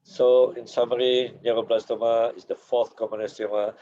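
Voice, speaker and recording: A man teaching a seminar as a paediatrics lecturer, losing his voice, with a hoarse tone and frequent "okay" and "yeah" tags. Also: medium pitch, level tone, moderate pace, warm tone, highs cut off, a little hiss or hum. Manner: accented English, drops "okay" and "yeah" tags.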